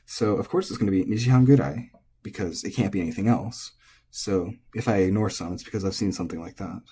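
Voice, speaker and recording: Low husky man teaching. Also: fast talker. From United States. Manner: relaxed, thinking aloud, self-correcting. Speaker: language teacher. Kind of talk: casual explanatory lesson.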